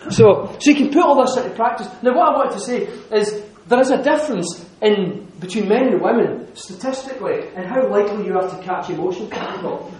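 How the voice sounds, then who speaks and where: A man telling a lively story to an audience, laughing often and restarting his sentences. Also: high-pitched, brisk, hardly any pauses. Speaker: speaker giving a talk. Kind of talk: lively anecdotal talk to an audience. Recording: echoey hall.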